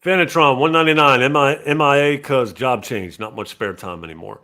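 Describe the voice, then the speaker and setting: A man hosting a casual gaming podcast and reading out viewer donations, with animated talk that jumps from loud bursts to low mutters. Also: a little fast. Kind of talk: casual chat.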